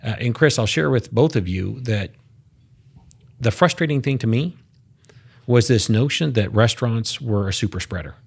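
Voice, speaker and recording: Gravelly, emphatic man, podcast guest. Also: mid-range voice, animated, normal speed, long pauses. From United States. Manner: emphatic, statistic-heavy, repeats words when starting. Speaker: podcast guest, restaurant association head. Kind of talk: casual podcast interview.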